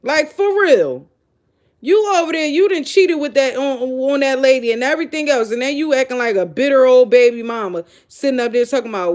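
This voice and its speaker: A woman hosting a show, giving blunt, animated, incredulous reaction commentary straight to her audience. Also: sits high, brisk. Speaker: show host. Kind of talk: casual live reaction commentary.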